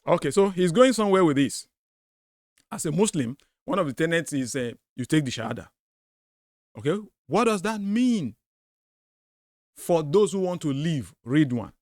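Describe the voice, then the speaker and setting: Emphatic man with a higher voice. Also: big pitch swings, normal speed, pauses often, a little mellow, no echo, studio quality. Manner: emphatic, repeats his points. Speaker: host of a commentary video. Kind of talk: commentary on a debate clip.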